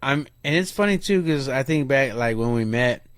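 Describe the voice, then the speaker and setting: A man's voice: medium pitch, normal speed, smooth, no room sound, studio quality. A man co-hosting a casual podcast, telling stories with slang and acting out what people said. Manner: animated storyteller, acts out quotes, slangy. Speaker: podcast co-host. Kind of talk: casual storytelling chat.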